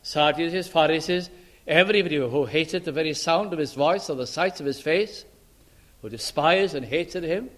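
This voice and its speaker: A preacher with a high-pitched voice delivers a sermon, leaning slowly and heavily on quoted scripture. He pauses to put rhetorical questions to his listeners. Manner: slow, emphatic scripture reading with rhetorical questions.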